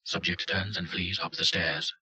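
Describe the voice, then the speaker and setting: A man giving a scripted narration of a report in a flat, matter-of-fact delivery. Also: sits low, moderate pace, poor audio. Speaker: reader.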